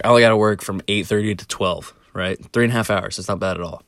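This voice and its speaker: Casual vlogger, male, low voice, rambling profane storyteller, laughs as he talks, dry close sound. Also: fairly even intonation, quick pace, a bit bright, no echo.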